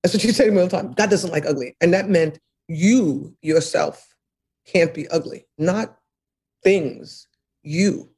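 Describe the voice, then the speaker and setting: A woman's voice: lowish voice, unhurried, darkish tone, slightly rough. An older woman being interviewed, talking earnestly and emphatically about her past, often repeating phrases and laughing between thoughts. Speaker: interview guest, author. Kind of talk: reflective interview conversation.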